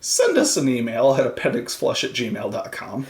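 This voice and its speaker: A man's voice: medium pitch, huge pitch swings, moderate pace. A man co-hosting a podcast in casual chat, rambling and swearing, acting out quoted voices as he tells stories. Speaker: podcast co-host. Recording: roomy echo.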